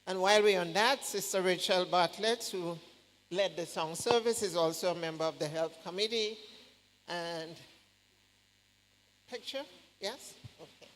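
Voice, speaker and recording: A man introducing speakers at a church program in a relaxed, chatty way with small jokes. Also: high voice, unhurried, long pauses. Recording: church hall reverb, faint ambience.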